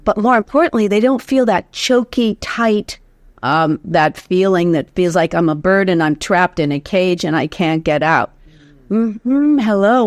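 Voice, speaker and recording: A woman's voice: mid-range voice, no echo, studio quality. A woman from the United States, a voice teacher guest in an interview, explaining vocal tips and humming demonstrations, with easy laughs. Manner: demonstrative, hums examples, laughs easily. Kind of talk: instructive interview talk.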